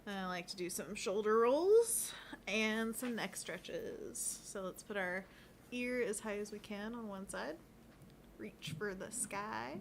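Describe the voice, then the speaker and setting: A woman of middle pitch co-hosts a casual livestream, talking viewers through stretches and chatting. She is light, giggly and playful. A faint hiss of noise sits behind her. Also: expressive, slow pace. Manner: guides a hand-stretch routine, giggly and playful. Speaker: co-host of an art livestream.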